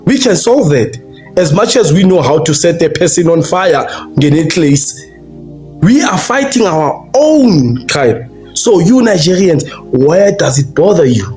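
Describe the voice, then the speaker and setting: A man's voice: on the high side, very animated, a little slow, darkish tone, faint music behind. A man arguing heatedly on a livestream, repeating himself and restarting his sentences. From South Africa. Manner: repetitive, confrontational, stumbling restarts. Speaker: livestream debater.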